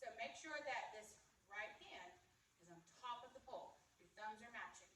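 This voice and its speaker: A woman with a high, bright-pitched voice coaches flag choreography, counting out beats and pausing to ask "okay?" and "right?" while she demonstrates. She stands away from the mic in an echoey practice space with a faint hum of room ambience behind her. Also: lively intonation, recorded from a distance. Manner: demonstrating moves while talking. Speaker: color guard instructor.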